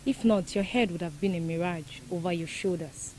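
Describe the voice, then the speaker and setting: An actress playing a haughty young princess, speaking in a cold, commanding way. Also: female voice, on the low side, moderate pace, a little mellow, natural voice, low-quality recording. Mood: imperious.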